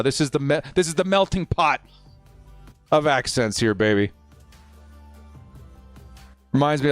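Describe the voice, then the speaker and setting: A man's voice: mid-range voice, smooth, no echo. A young man casually chatting with his viewers while hosting a live football watch-party stream, answering their questions in a laid-back way.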